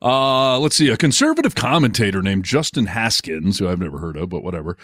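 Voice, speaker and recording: A man's voice: fairly low pitch, a little fast, no echo. A man co-hosting a casual comedy podcast, reading news with sarcasm and frequent laughs. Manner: animated, sarcastic, laughs often. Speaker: podcast co-host.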